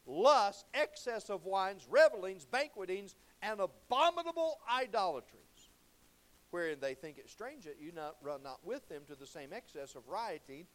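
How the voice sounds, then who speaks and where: A man preaching in a church, his voice sitting fairly high for a man. He talks in a folksy preaching style. He swings between loud cries and low, intense stretches. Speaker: pastor. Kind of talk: sermon.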